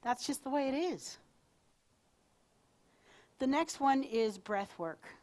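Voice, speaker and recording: A woman's voice: sits high, animated, slow, darkish tone. A woman minister giving a live sermon to her congregation, talking in a conversational, playful way with asides to the crowd. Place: spiritual center service in front of a congregation.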